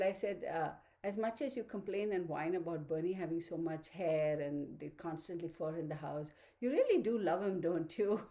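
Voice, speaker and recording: A woman's voice: mid-range voice, a little mellow. A woman hosting a tarot channel who chats casually with viewers, laughs often and baby-talks to her dog. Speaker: tarot reader, channel host.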